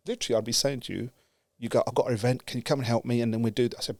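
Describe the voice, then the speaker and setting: A man from the UK telling a story with lively energy, acting out the dialogue and laughing as he goes. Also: medium pitch, rapid-fire, creaky, hardly any pauses, dry recording. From United Kingdom. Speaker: guest speaker. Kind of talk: animated storytelling.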